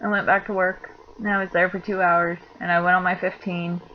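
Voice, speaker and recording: A woman's voice: on the low side, flat delivery, brisk. Chatty young woman, lo-fi recording. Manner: chatty, laughing, lots of "like" fillers. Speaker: vlogger. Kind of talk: casual storytelling vlog. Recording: dull lo-fi sound with faint noise.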